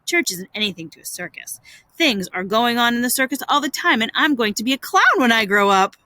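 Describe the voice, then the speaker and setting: A woman's voice: on the high side, lively intonation, fairly quick, sharp tone, dry recording. A woman reading as Becky, a shy coy schoolgirl. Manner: hesitant, coy. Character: shy, touchy young schoolgirl.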